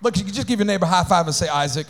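A man preaching a sermon in church. He jokes and acts out little voices, then builds to shouted, sing-song preaching with call-outs to the congregation. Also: high voice, animated, racing, slight background noise.

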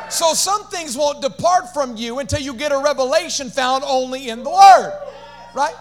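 A pastor preaching an energetic sermon, calling on the congregation to repeat phrases and dropping casual slangy asides. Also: male voice, very high-pitched, moderate pace. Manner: animated preaching with call-and-response to the congregation.

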